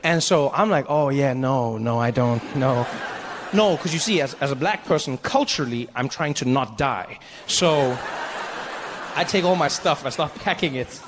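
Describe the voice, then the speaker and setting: Animated male stand-up storyteller. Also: a little high, moderate pace, noisy background. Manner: animated, self-mocking, acting out scenes. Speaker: stand-up comedian.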